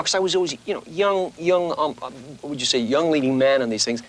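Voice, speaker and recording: Speaking quickly with few pauses in a mid-range voice, a middle-aged voice actor guest chats animatedly and casually during an interview. He slips into little voices while telling stories, and a little hiss or hum is audible.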